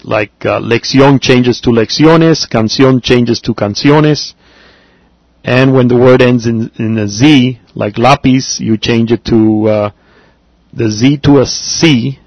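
A man from America, teaching a class, talking haltingly with many fillers and repeats. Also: mid-range voice, steady tone, no echo, highs cut off. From Latin America. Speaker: Spanish teacher. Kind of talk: classroom language lesson.

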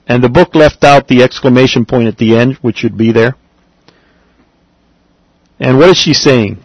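A man teaching a language class, patiently explaining and repeating phrases slowly for his students. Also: mid-range voice, dry recording, poor audio. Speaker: Spanish teacher.

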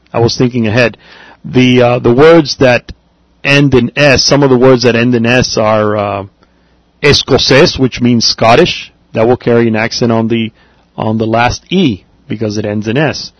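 A man teaching a Spanish grammar lesson, patient and deliberate, spelling out words and saying them again. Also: medium pitch, fairly even intonation, no room sound, rough recording.

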